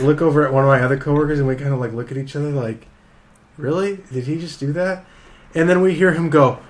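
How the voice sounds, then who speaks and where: A man's voice: mid-range voice, a little hiss or hum. A young man hosting a casual podcast, telling a long, rambling story full of fillers and restarts. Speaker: podcast host.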